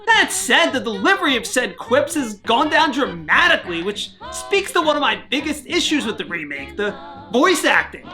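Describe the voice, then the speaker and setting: A woman's voice: sits high, very animated, moderate pace, music in the background. A woman hosting a scripted video game review, wry and sarcastic in her jokes.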